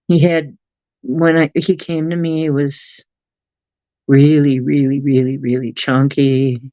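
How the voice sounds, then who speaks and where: A livestream host chatting casually and at length, reading viewers' messages aloud and cooing softly at pets. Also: mid-range voice, no room sound, lo-fi sound. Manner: rambling, chatty, reads chat aloud.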